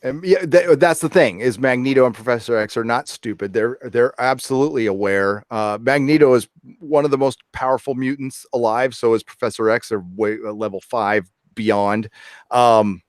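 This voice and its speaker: A man's voice: medium pitch, normal speed, no echo, clean studio sound. A middle-aged man hosting a casual podcast chat, rambling with lots of fillers and hedges. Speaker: podcast host.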